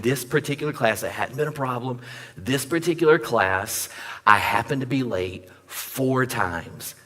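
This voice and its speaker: A young male pastor delivering a sermon in a church, telling a story with animated energy and acting out the voices of the people in it. His voice sits at an ordinary middle pitch and carries a long reverb from the sanctuary. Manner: animated storyteller acting out dialogue, jokes with the audience.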